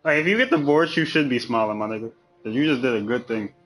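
A man streaming a video game and chatting with friends in a voice party, profane and joking, laughing often and swinging into loud mock outrage. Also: mid-range voice, fast, soft background music. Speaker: gamer streaming live. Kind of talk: casual gameplay chat with friends in a voice party.

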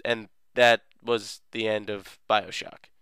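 A man's voice: on the low side, little pitch movement, takes it slowly, pushed and bright, clean tone, no echo, studio quality. A young man hosting a let's play, casually recapping the game in a rambling, goofy way with lots of filler words.

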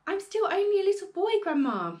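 A woman's voice: very high-pitched, sing-song, brisk, a little mellow, voice pushed up. A woman voicing a timid eight-year-old boy who pleads earnestly in a storybook reading. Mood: pleading.

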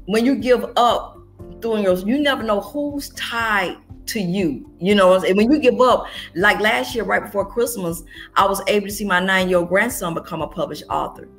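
A woman's voice: mid-range voice, fairly bright tone. Earnest middle-aged woman pastor. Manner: earnest storytelling, with restarts. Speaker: pastor and interview guest. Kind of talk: conversational interview.

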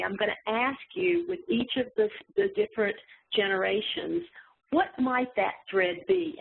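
A woman's voice: mid-range voice, vocal fry. Southern woman presenting on a tinny line. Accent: slight Southern US. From southern West Virginia. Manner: chatty, self-deprecating, with restarts. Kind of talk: webinar presentation. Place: home in a small town. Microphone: video call.

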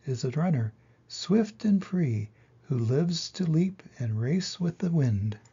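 Man voicing free-spirited storybook antelope; husky, slow. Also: a little high, very animated, warm tone, highs cut off, exaggerated voice. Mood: earnest. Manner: slow, solemn storybook reading.

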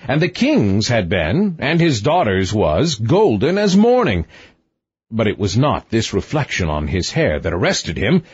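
A man narrating a fairy tale audiobook with expressive, sweeping intonation. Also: medium pitch, husky, dry recording, lo-fi sound.

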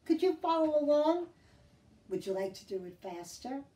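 A woman leading a children's storytime as librarian, singing and reading aloud in a gentle, encouraging way. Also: sits high, big pitch swings, normal speed. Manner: gentle, encouraging, sing-song.

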